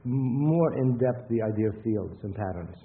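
A man's voice: medium pitch, lively intonation, moderate pace. A man giving a lecture with anecdotes in a rambling, conversational way, often restarting his sentences. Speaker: workshop lecturer. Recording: tinny phone-like sound with faint hiss.

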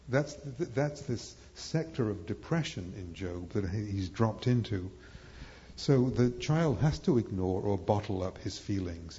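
A man's voice: mid-range voice, mellow. A man giving a live lecture to an audience, rambling and hesitant, with many fillers and restarts. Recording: echoey hall, dull lo-fi sound.

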